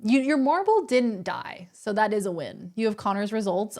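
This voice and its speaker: A woman's voice: mid-range voice, animated, moderate pace, darkish tone. A woman with an Australian accent, streaming and chatting playfully with her audience. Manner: playful, chatty, addresses chat as gamers. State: a little out of breath. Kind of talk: casual live-stream chat.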